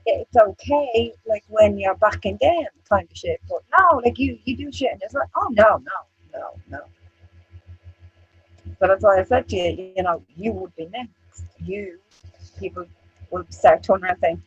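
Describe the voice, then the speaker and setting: Her breathy-edged, medium-pitched voice comes through muffled as this chat show co-host speaks at a moderate pace. Animated, blunt, and swearing, she mimics what others have said about her.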